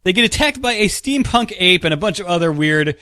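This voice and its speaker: A man co-hosting a podcast, recapping plots with dry, wry humor. His voice runs high, and the sound is close and dry. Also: expressive, brisk, pushed and bright, no echo. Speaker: podcast co-host.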